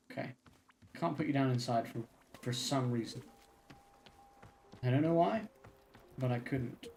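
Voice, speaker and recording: A man streaming a cozy game, chatting casually and reading its text aloud. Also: medium pitch. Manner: relaxed, chatty, talks to the game. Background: game music.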